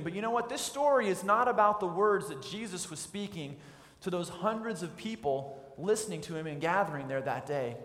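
A man's voice: a little high, fairly bright tone. A man preaching a sermon as pastor, telling a scene vividly for his listeners. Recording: echoey hall with long reverb.

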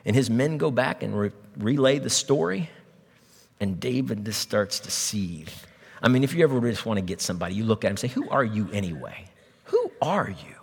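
A middle-aged pastor preaching a sermon, telling a story with humor and acted voices. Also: male voice, on the low side, brisk, creaky, slightly rough, long reverb tail. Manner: animated storytelling with jokes and voices.

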